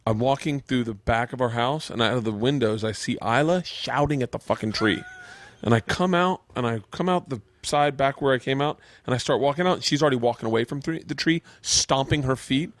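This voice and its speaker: A man's voice: mid-range voice, fairly quick, dry recording. A man from Florida hosting a podcast, telling stories in casual chat and acting out voices with plenty of cursing. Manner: animated storyteller who acts out quotes with cursing. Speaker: podcast host.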